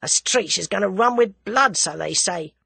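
A woman reading aloud, voicing a rough, hoarse thug relishing violence. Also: mid-range voice, animated, normal speed, bright, forceful tone, no room sound, exaggerated voice. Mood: grim relish.

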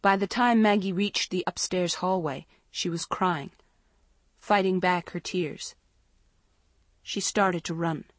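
A woman narrating a storybook in a measured, dramatic way. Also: lowish voice, dry recording. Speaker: audiobook narrator.

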